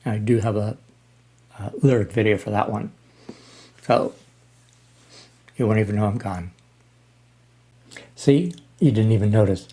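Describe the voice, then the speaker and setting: A man in his sixties talking casually as he reacts to music, halting with frequent ums and restarts. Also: fairly low pitch, warm tone, breathy edge. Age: 60s. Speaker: reaction channel host.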